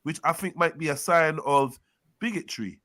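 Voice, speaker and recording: A man chatting on a casual online panel, animated and quick to slip into playful voices. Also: fairly high pitch.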